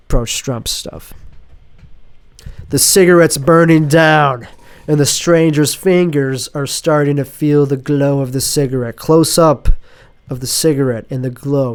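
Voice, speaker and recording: A man's voice: fairly high pitch, a little mellow, dry recording. A man who is sick and sniffly, hosting a casual podcast monologue from his apartment and reading a script aloud in a rambling, sardonic way that keeps interrupting itself. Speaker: podcast host. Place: home apartment.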